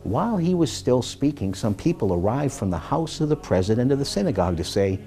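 A man reading scripture aloud, expressive, rising and falling as he voices the quoted speakers. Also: mid-range voice, fast talker, soft background music. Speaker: scripture reader.

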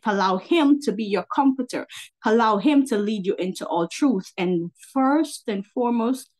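A high-voiced woman preacher speaks to her online listeners in a loose, conversational sermon. She repeats her key lines for emphasis and keeps asking her audience for agreement. Now and then her delivery turns fiery and indignant. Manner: fiery and indignant, with bursts of laughter. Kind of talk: informal livestream sermon.

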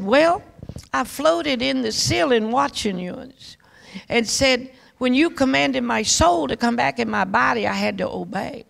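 An older woman evangelist telling a testimony in a folksy, animated way, with chuckles and frequent restarts. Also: fairly high pitch, gravelly. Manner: repeats words and restarts often. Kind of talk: testimony storytelling.

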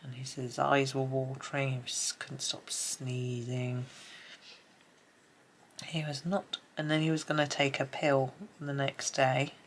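A middle-aged British woman chatting casually while she colours, soft-spoken and rambling, often dropping to a murmur. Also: very deep voice, little pitch movement, measured pace, slight background noise. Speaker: colouring channel host.

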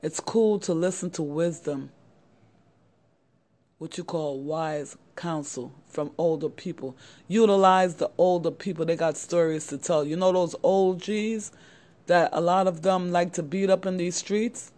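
A woman's voice: on the low side, fairly even intonation, unhurried, a little mellow. A middle-aged woman talks straight to her audience of young men in an earnest motivational style. She repeats her points and keeps addressing her listeners directly as "guys". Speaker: channel host giving advice to young men. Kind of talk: motivational talk to camera.

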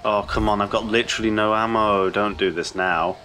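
A man's voice: lowish voice, steady tone, a little fast, bright, forceful tone, a little hiss or hum. A man giving rambling, confused, sweary commentary as he plays a horror game. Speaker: let's play host. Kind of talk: gameplay commentary.

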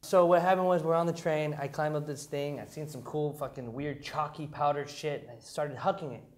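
Animated, laughing man telling a story. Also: on the high side, fairly quick. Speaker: guest. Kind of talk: casual storytelling chat.

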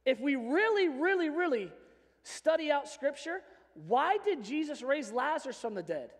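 A man preaching a sermon as pastor, animated and joking in a conversational way. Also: very high voice, moderate pace. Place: church sanctuary. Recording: long reverb of a church hall.

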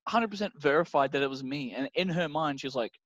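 A man with a higher-pitched voice, telling a story in casual chat as podcast co-host, laughing often. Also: fast talker, fairly bright tone, dry recording, dull audio.

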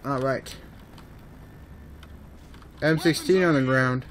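A man giving casual let's-play commentary on his own gameplay, muttering asides and breaking into excited yelps. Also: medium pitch, slow, slight background noise. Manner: running commentary that swings from mumbling to excited yelps. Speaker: gaming video host.

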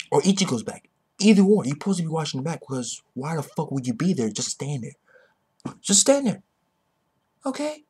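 A man ranting excitedly about a manga chapter, swearing constantly and repeating himself. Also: on the high side, breathy edge. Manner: excitable, heavily profane, repetitive. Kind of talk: ranting reaction commentary.

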